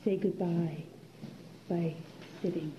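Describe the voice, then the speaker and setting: An older woman, a meditation teacher, giving an unhurried, musing dharma talk to a class, with soft laughs and pauses. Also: fairly low pitch, steady tone, background noise. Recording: roomy, dull lo-fi room recording.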